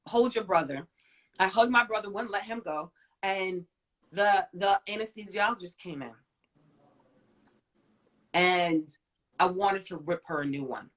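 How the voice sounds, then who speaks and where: A woman in her forties, a guest in an interview, telling a personal story in an emphatic way, swinging from loud to soft. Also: mid-range voice.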